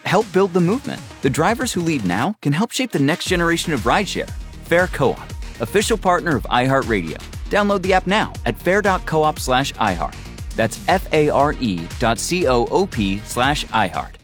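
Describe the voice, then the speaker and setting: A man's voice: fairly high pitch, very animated, normal speed, a bit bright, soft background music. A man reading an ad in an urgent, persuasive way. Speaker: ad announcer. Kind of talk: scripted ad read.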